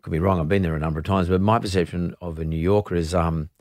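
Low-voiced man hosting a podcast. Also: fairly even intonation, quick pace, a little mellow, dry recording, clean studio sound. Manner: emphatic, conversational intro with asides. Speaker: podcast host. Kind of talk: interview podcast.

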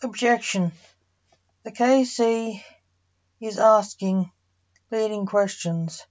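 A woman voicing a masked chicken who works as an indignant defence lawyer, shouting objections, in a storybook reading. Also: medium pitch, fairly even intonation, a little slow, lightly acted. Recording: dull lo-fi recording.

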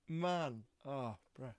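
A man's voice: mid-range voice, lively intonation, extremely slow, dry recording, studio quality. A young man co-hosting a podcast in casual, jokey, self-deprecating chat. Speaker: podcast co-host.

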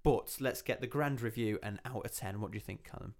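A young man hosting a casual film review chat, talking in a chatty, animated way and slipping into lively voices when he quotes scenes. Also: lowish voice, fairly quick, vocal fry. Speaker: podcast host.

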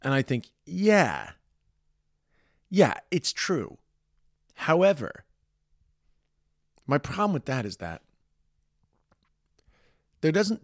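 A man's voice: medium pitch, no echo, studio quality. An Irish man in his forties giving a rambling, emphatic podcast monologue, swearing freely. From Ireland. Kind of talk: casual monologue.

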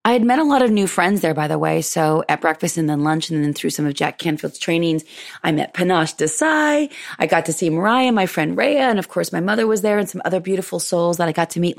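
A woman hosting a show, chatting warmly through a personal story, laughing often and acting out what people said. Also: mid-range voice. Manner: effusive and chatty, laughs often, retells dialogue. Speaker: podcast host.

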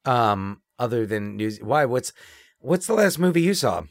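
A man's voice: medium pitch, very animated, measured pace, no echo, studio quality. A man co-hosting a casual movie-chat podcast, rambling and often restarting his sentences. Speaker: podcast co-host.

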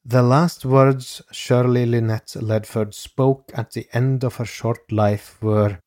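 A man reading a scripted true crime narration in a measured, grave way, as a podcast host. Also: medium pitch, fairly even intonation, a little mellow, no room sound, studio quality.

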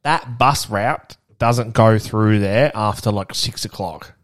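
A podcast co-host tells stories in relaxed conversation, swearing freely and laughing a lot. His voice leans low and he speaks slowly.

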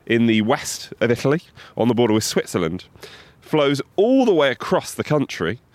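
A man's voice: medium pitch, very animated, moderate pace, a little mellow, no echo. A man co-hosting a podcast outdoors by a river, playful and reeling off facts in casual chat. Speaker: podcast co-host.

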